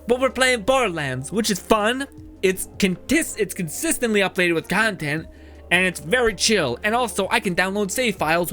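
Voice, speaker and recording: Male streamer, fairly high voice, laughs a lot, swears, rambling chat with viewers, faint music underneath. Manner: laughs often, swears freely, excitable and rambling. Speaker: game streamer. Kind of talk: casual livestream chat, reading chat messages.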